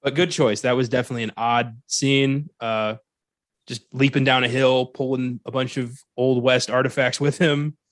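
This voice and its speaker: A man's voice: mid-range voice, fairly even intonation, moderate pace, no echo. Man, podcast co-host, sarcastic movie roasting, laughs a lot, swears, dry dead sound. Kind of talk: casual movie review chat.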